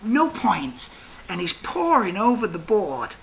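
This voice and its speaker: A man working as a prison guard, telling stories from the job in a restless, animated way full of asides. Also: high voice, slow pace, vocal fry, background noise. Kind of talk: storytelling monologue.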